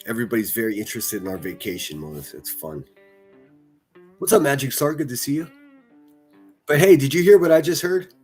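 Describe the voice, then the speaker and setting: A man's voice: mid-range voice, expressive, brisk, long pauses, a little mellow, breathy edge, faint music behind. A man hosting a livestream, reacting to clips with mocking, profane, sarcastic commentary.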